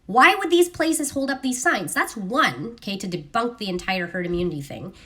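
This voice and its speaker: A woman hosting a casual live stream on her phone, talking in an animated, sarcastic way and mimicking other people's voices. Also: mid-range voice, moderate pace. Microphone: phone camera.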